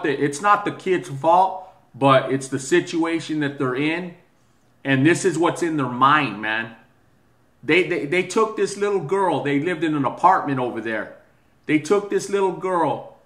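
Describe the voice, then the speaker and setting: An agitated man delivers a heated commentary, tripping over his words and repeating himself. His voice is bright and pitched a little high. The room around him echoes noticeably. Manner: agitated, repetitive, stammering restarts. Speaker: video commentator. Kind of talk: angry opinion rant.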